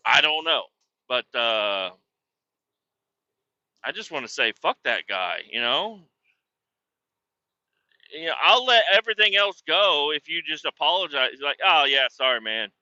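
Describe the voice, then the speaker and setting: Male comic host, profane shouting rants, lively swooping pitch, dry dull recording. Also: no room sound. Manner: profane, erupts into shouting tirades. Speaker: podcast host. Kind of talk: comedic rant.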